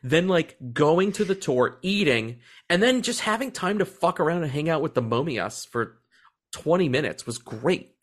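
A man co-hosting a podcast, telling stories in a loose, excitable way. He swears freely and laughs often, and his pitch swings widely as he talks. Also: moderate pace. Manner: excited, profane, laughing storyteller. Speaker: podcast co-host. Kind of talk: casual chat.

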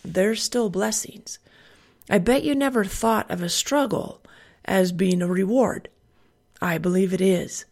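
A woman's voice: medium pitch, vocal fry, darkish tone. A woman and parent giving an earnest Christian devotional talk, building her points by repeating phrases.

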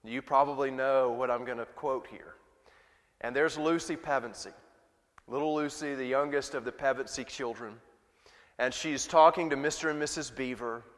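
A man's voice: mid-range voice, normal speed, fairly bright tone. A male pastor giving a sermon in a conversational preaching style, with rhetorical questions to the congregation. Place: church sanctuary. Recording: long church reverb.

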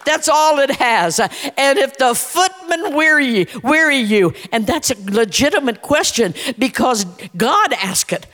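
A woman's voice: sits high, animated, a little slow, hardly any pauses, fairly bright tone. Lady preacher in a church, homey and punchy, lots of uh's, long echo off the walls. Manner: folksy, emphatic, many "uh" restarts. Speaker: church speaker. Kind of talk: sermon. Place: church sanctuary. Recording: echoey church hall.

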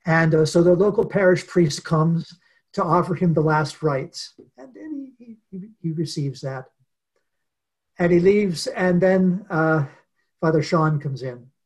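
A man being interviewed as a guest author, telling a story in an earnest, unhurried way with many pauses. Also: on the high side. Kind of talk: reflective storytelling in conversation.

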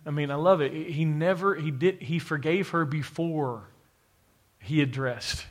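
A man's voice: on the high side, a little slow. A man preaching a sermon to a live congregation, emphatic and repetitive, speaking straight to his listeners. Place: church, to a live congregation with an online audience.

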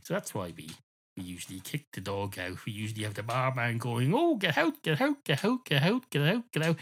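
A man's voice: medium pitch, a bit bright. A man hosting a podcast, telling a comic story with meandering, absurd digressions. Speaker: podcast host.

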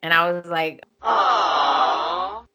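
Slow-talking woman with a bright voice. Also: medium pitch. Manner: narrates plot at length, animated retelling. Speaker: podcast co-host. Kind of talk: casual chat recapping a soap opera.

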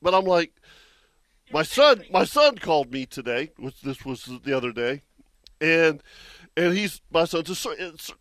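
A man with a drawl who chats in a high voice, animated and quick to laugh, stumbling over repeated words. The sound is dry and close. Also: no room sound. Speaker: radio fishing show host. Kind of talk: casual chat.

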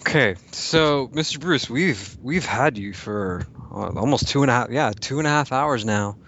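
A man's voice: medium pitch, animated, moderate pace, a bit bright, slight background noise. A man hosting a podcast, thanking his guest in a hesitant, appreciative way with many restarts. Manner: hesitant, appreciative, repeats words. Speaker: podcast host. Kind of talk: interview wrap-up. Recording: dull lo-fi recording.

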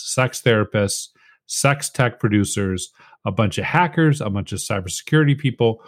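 A middle-aged man, a hacker, chatting as a podcast guest and telling stories with a laugh. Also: on the low side. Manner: chatty storyteller, laughs often. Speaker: guest, hacker and conference organizer. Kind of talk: casual podcast chat.

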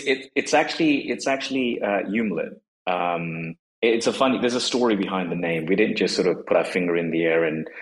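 A man's voice: sits low, a bit bright, rough recording. A man in his forties talking casually as a guest, hesitant and full of fillers and restarts. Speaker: guest, company co-founder. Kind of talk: casual conversation on a live audio space.

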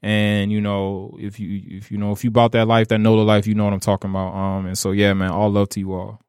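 Deep-ish guy from new orleans, podcast guest, heartfelt, dry close sound. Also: a little fast, clean tone, no echo. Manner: animated and heartfelt, laughs easily. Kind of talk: casual conversation.

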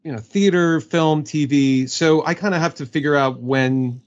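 A man's voice: fairly high pitch, moderate pace, a little hiss or hum. Man, voice actor guest, casual chat, rambling, self-correcting, muffled lo-fi sound. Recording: dull lo-fi audio.

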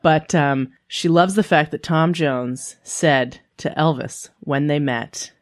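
A woman's voice: sits low, slow, few pauses. A woman co-hosting a podcast, telling family stories in a rambling, casual way with lots of "like". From Canada. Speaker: podcast co-host. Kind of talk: casual chat.

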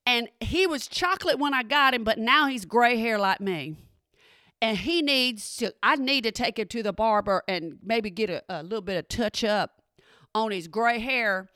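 A middle-aged woman telling a story in a chatty, animated way and often checking in with her listeners. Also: on the high side, normal speed, no echo, clean studio sound. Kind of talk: casual spoken storytelling.

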